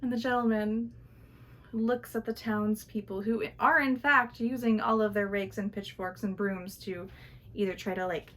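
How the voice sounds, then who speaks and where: Woman storyteller, high voice, casual and chatty, sighing. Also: a bit bright. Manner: chatty, with fillers and sighs.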